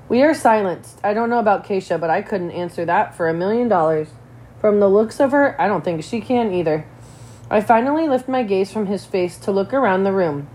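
A woman reading a children's novel aloud in a steady, measured way. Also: medium pitch. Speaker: reader.

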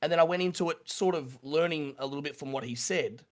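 Halting Australian man with a higher voice. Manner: halting, repeats words, laughs nervously. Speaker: streamer guest. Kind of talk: candid interview storytelling.

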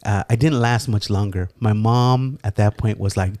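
A man casually telling a story, animated and profane, with lots of fillers. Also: lowish voice, moderate pace, no room sound, studio quality. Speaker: storyteller guest. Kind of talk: casual chat, anecdote.

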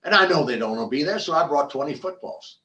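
Older man, interview guest, animated storytelling, repeats and restarts, slightly high voice. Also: fast talker, distant mic, a little hiss or hum, rough recording. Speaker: podcast guest, former football player and business founder.

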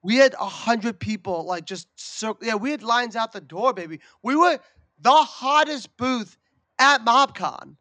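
A man co-hosting a podcast, telling a story in an animated, profane, casual way. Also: very high-pitched, measured pace, no echo. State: recovering from a lost voice. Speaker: podcast co-host. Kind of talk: casual chat.

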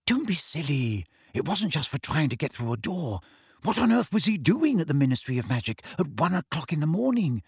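A man voicing a clever, anxious teenage schoolgirl witch in a raised, hushed, urgent voice in a storybook reading. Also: fairly high pitch, very animated, normal speed, slightly rough, no room sound, studio quality, pitched above the performer's own voice.

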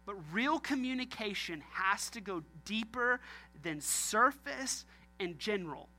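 A man's voice: high-pitched, expressive, measured pace, pushed and bright, soft background music. A man preaching a sermon as pastor, joking and talking straight to his congregation.

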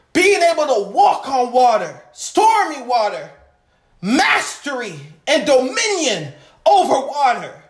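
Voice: high voice, very animated, slow, roomy sound. A preacher delivering an impassioned sermon, calling out to the congregation.

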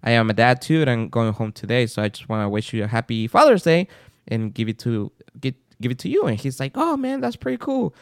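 A man's voice: medium pitch, animated, fast talker, clean tone, dry recording, studio quality. A man co-hosting a podcast, telling a story in a casual chat and acting out the people in it. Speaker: podcast co-host.

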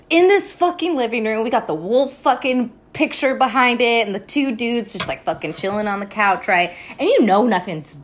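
Give me a woman with a fairly high voice hosting a loose, profane TV recap podcast, rambling and laughing as she goes. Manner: rambling, heavy swearing, laughs often. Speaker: podcast host. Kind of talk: casual TV recap monologue.

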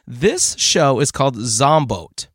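A man co-hosting a podcast, giving a chatty, animated recommendation. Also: mid-range voice, takes it slowly, no room sound, studio quality. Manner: lively, chatty storytelling. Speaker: podcast co-host. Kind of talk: casual chat.

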